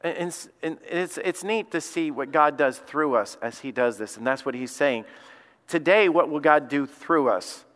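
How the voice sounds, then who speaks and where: A man's voice: on the high side, moderate pace. A man from Alabama, preaching a sermon as lead pastor and telling stories in a folksy way. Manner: folksy storytelling, voice rising when excited. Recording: long hall reverb.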